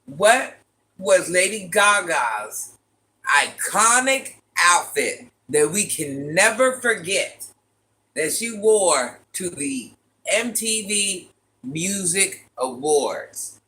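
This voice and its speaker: A woman with a deep, raspy voice hosting a casual livestream, chatting and teasing as she reads viewers' comments. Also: very animated, very slow, bright, forceful tone. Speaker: livestream host reading chat. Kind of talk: casual live chat with viewers.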